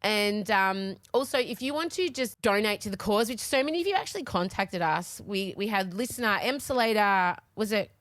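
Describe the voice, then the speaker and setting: Tearful forties woman, candid podcast co-host, close dry mic, mid pitch. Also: lively intonation, normal speed, hardly any pauses, a bit bright, no room sound. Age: 40s. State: crying. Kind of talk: casual chat.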